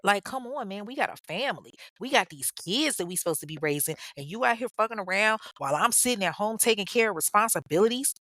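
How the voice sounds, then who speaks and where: A woman's voice: mid-range voice, expressive, fairly bright tone, dry recording, close to an everyday voice. A woman voicing a furious, indignant young wife who has found out her husband is cheating, in a true-crime podcast retelling. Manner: angry, rapid, indignant.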